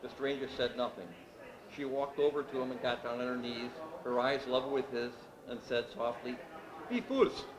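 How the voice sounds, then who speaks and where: A man reading his novel aloud at a literary event, with steady, measured narration. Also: medium pitch, a crowd in the background. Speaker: author reading his work. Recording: echoey room with background noise.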